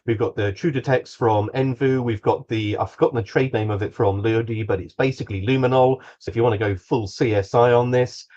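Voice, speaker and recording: A man's voice: mid-range voice, steady tone, a little fast, hardly any pauses, dark tone, muffled recording. A man on a podcast explaining technical details in a casual way, with many ums and dry asides.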